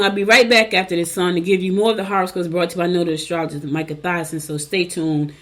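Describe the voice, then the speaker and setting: A woman's voice: on the low side, fairly even intonation, fast, a bit bright. A middle-aged woman hosting a show, reading horoscopes in a casual, chatty way with folksy asides and repeated advice. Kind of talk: casual chat, reading and riffing.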